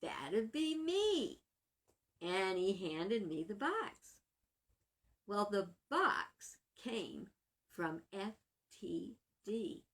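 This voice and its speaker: Bright, slow-talking woman minister. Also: mid-range voice, lively intonation. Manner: chatty, laughs often. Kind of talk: casual storytelling vlog.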